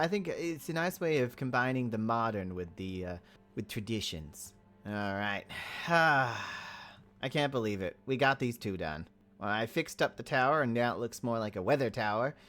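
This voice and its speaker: A man's voice: mid-range voice, a bit bright. A man giving casual gameplay commentary as a roleplay server player, rambling and often stammering and repeating words.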